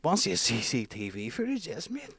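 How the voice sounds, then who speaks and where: A young man with a Northern Irish accent, co-hosting a podcast in excitable, sweary casual chat. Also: medium pitch, quick pace, breathy edge, no room sound. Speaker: podcast co-host.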